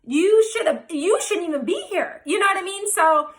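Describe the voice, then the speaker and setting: A young woman vlogger telling a storytime in a frank, animated, profane way. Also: very high voice, normal speed. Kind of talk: storytime vlog.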